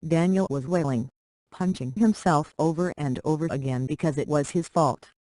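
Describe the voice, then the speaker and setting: A reader narrating a short romance story aloud in a plain, steady way. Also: mid-range voice, normal speed, no room sound, rough recording.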